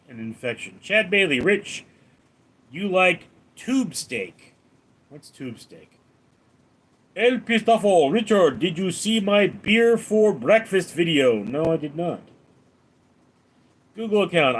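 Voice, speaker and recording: A man's voice: a little high, a bit bright. A man hosting a casual live stream, reading viewers' names and questions aloud and answering them in a dry, offhand way.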